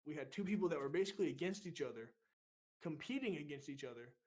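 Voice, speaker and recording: A man telling a boot camp story on a casual podcast, profane and animated, getting loud when he acts out what he said. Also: fairly high pitch, fast talker. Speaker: podcast co-host.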